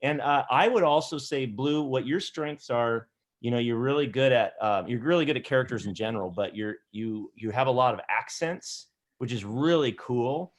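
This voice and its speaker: Rambling, encouraging improv teacher. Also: male voice, medium pitch, normal speed. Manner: encouraging, rambling, repeats himself. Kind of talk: coaching an online class. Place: home, on a video call. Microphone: laptop.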